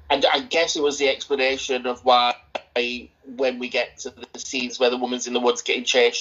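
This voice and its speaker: A man's voice: medium pitch, a bit bright. Rambling man on a dull lo-fi mic. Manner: rambling, hesitant, opinionated. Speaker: podcast co-host. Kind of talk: casual film review chat. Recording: dull lo-fi sound.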